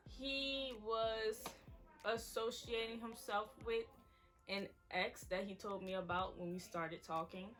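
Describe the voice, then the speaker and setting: A woman's voice: on the low side, fairly bright tone. A woman in her twenties, a vlogger, candidly telling her story to viewers in a chatty way. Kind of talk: emotional story time to viewers.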